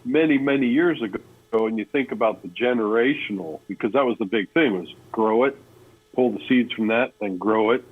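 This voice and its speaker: A man's voice: medium pitch, normal speed, husky. An older man from Oregon calling in, blunt and folksy, swearing casually. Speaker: caller. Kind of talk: casual chat. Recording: phone line.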